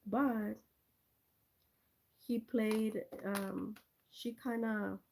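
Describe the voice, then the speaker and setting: A woman talks slowly through a rambling, chatty story on a live stream, speaking straight to viewers by name. Her voice is dark and mellow with a gravelly edge, picked up on a cell phone. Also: medium pitch, fairly even intonation, a little hiss or hum. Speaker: livestream host.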